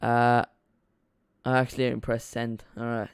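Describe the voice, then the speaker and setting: A man's voice: mid-range voice, flat delivery, measured pace, clear, resonant tone. A man streaming a live watch-along, chatting casually in a rambling way, repeating himself and reacting to the play.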